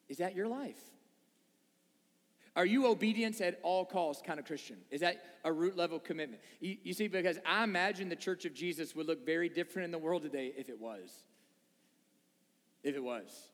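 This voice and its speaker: A man's voice: high voice, animated, fairly quick. A man preaching a sermon to a congregation, conversational and full of rhetorical questions. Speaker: pastor. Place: church sanctuary before a congregation. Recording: long reverb of a large hall.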